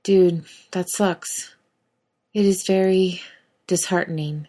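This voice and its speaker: Blunt, swearing young male hunter, awkward with feelings, a slightly low voice, read by a woman; audiobook fan fiction reading. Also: steady tone, takes it slowly, warm tone. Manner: swears bluntly, fumbles for words.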